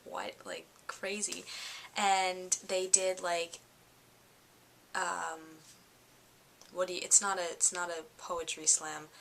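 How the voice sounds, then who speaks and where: A tired young woman recapping her week in a chatty, excitable vlog, full of fillers. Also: lowish voice, slow, pauses often, slight background noise. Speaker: fashion vlogger.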